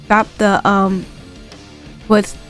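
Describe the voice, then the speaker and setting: A woman casually recapping a wrestling show, retelling scenes with quick impressions and swearing freely. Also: medium pitch, soft background music. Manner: animated, swears casually, laughs.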